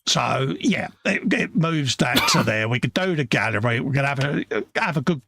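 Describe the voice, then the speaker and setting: A man's voice: medium pitch, animated, moderate pace, vocal fry, fairly bright tone, no room sound. A middle-aged man co-hosting a casual hobby livestream, joking with his partner and reading out chat comments. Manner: jokey banter, reads out chat comments. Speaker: livestream co-host.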